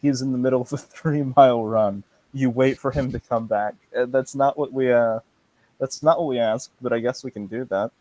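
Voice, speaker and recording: A man's voice: mid-range voice, fairly even intonation, normal speed, a little mellow, no echo, low-quality recording. Dry-sounding man reading a game aloud. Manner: laughs often, stumbles and restarts while reading. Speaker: livestream host reading a text game aloud. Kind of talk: casual late-night stream chat.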